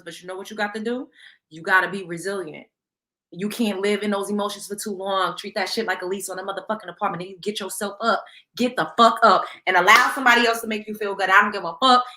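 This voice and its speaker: A woman's voice: mid-range voice, pushed and bright. A young adult woman hosting a talk show, giving blunt, profane advice in a casual monologue and laughing often. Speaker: show host.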